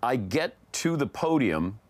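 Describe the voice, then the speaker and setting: A middle-aged man telling an animated story as a sportscaster guest on a casual talk show. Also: medium pitch, unhurried, dry recording. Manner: animated storyteller acting out quotes.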